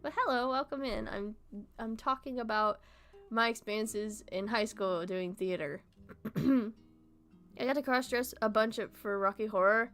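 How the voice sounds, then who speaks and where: A young woman chats on her stream in a bright, forceful voice. She talks animatedly, swears freely and laughs often, with faint guitar music playing behind her. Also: on the high side, a little slow. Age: young adult. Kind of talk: casual chat stream.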